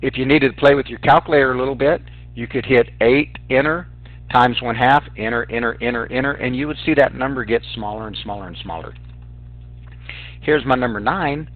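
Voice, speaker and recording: A man's voice: medium pitch, fairly quick. A male math teacher walking students through sequences step by step on a calculator, talking to them directly as "guys". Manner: explains calculator steps aloud, addresses students as guys. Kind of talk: recorded math lesson. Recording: dry, tinny phone-like sound.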